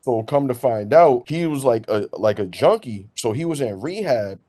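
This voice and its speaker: A man, a podcast host telling a long story in casual, slangy, animated chat. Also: mid-range voice, normal speed. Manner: animated, slangy, laughs through his story.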